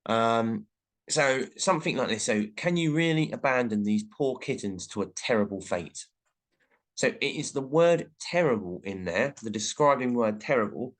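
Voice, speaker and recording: A man with an ordinary mid-range voice talks through a recorded English lesson. He explains each point steadily and reads short example sentences aloud along the way. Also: medium pitch. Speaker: teacher.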